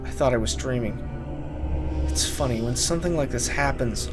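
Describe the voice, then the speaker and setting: A man's voice: medium pitch, normal speed, music in the background. A man narrating a first-person horror story, dramatic and urgent in his telling.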